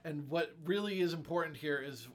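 Man with a higher voice explaining plot. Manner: quick, explanatory, swears casually. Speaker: podcast co-host. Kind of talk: casual anime recap chat.

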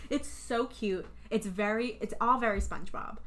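A woman's voice: fairly high pitch, normal speed, fairly bright tone. A young woman co-hosting a podcast, chatting casually and animatedly, swearing and acting out scenes in voices. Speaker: podcast co-host. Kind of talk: casual chat recapping a film.

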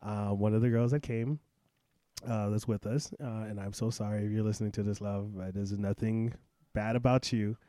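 A man telling a travel story in casual podcast chat, animated and laughing often as he acts out the people in it. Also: fairly low pitch, normal speed, dry recording, clean studio sound.

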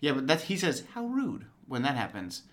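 A man co-hosting a casual podcast chat about films, chatty and quick to drop in goofy impressions. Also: mid-range voice, very animated, fairly bright tone. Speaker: podcast co-host.

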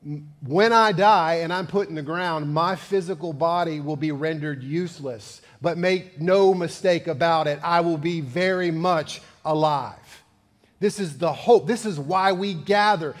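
A man's voice: a little high, unhurried. A man from Georgia, preaching a sermon in a folksy storytelling manner that builds to emphatic peaks. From Georgia, USA. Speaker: pastor. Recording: long church reverb.

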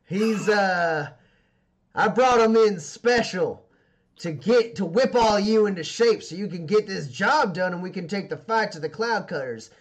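A man's voice: low-pitched, takes it slowly, voice pushed down. A man voicing a tough, commanding female gang boss who barks orders at her crew. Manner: barking orders, loud and threatening.

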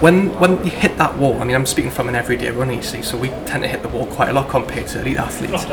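A man's voice: medium pitch, fairly even intonation, rapid-fire, noisy background. A man with a Geordie accent hosting a casual podcast interview, eager and stumbling over restarts as he asks his questions. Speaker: podcast host.

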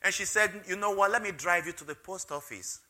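Male pastor, sermon with testimony; high and piercing, emotional, punches key phrases. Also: fairly quick. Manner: emotional storytelling, rising loud on key phrases.

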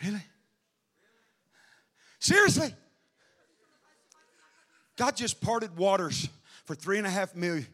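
A man preaching an impassioned revival sermon, shouting and calling out to the congregation. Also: high voice.

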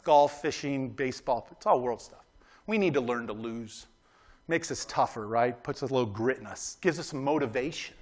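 A man's voice: mid-range voice, animated, normal speed. A man preaching a sermon in a casual, conversational way, often asking his listeners "right?" and urging them on emphatically. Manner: emphatic, exhorting. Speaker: pastor.

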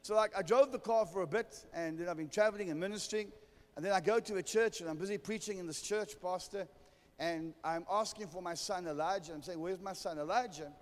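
A man's voice: high voice, a little fast, in a large hall. A man preaching a sermon, telling a humorous story and calling for amens. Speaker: pastor.

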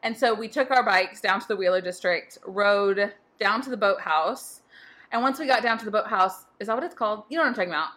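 A woman's voice: mid-range voice, animated, a little fast, fairly bright tone. A young woman from hosting a podcast, telling a story in casual chat and laughing often. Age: young adult. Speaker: podcast host.

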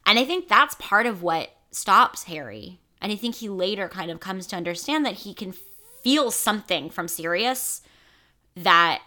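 A woman co-hosting a podcast in casual chat, talking fast and loosely with lots of fillers. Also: mid-range voice, lively intonation, pushed and bright. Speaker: podcast host.

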